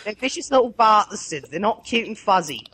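Animated, bright-voiced Australian woman. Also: mid-range voice, normal speed, a little hiss or hum. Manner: blunt, swears freely, animated storytelling. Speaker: co-host. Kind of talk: casual podcast chat.

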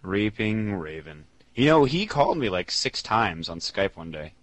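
A young man with a slightly low voice chatting on a casual podcast. He rambles, giggles a lot and reads listener messages aloud through a headset. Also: very animated, measured pace, dry recording, poor audio. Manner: giggly, rambling, laughs often. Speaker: podcast co-host. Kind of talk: casual podcast chat, reading listener mail.

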